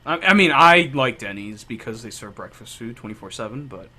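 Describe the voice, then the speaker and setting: A man's voice: medium pitch, lively intonation, a little fast, sharp tone. A young man from Florida in a casual podcast chat, joking loosely and swearing often.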